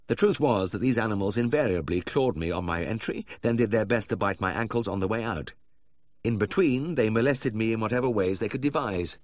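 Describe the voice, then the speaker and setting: Brief: male audiobook narrator, very low voice, close dry sound, wry delivery. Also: brisk, no echo. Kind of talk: scripted narration.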